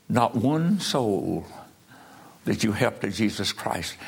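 A man preaching a revival sermon, impassioned, swinging from low pleading to shouted peaks. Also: lively intonation, moderate pace, vocal fry, slightly rough.

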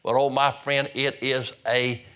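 Folksy older preacher, bright voice. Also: male voice, medium pitch, little pitch movement, unhurried, clear, resonant tone. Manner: folksy, repeats words and restarts phrases. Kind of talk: sermon.

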